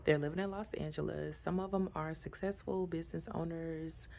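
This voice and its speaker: A woman's voice: low voice, steady tone, normal speed, creaky, mellow, slight background noise. A young woman vlogging in a casual, chatty way and telling stories with a lot of drama. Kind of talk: casual vlog chat.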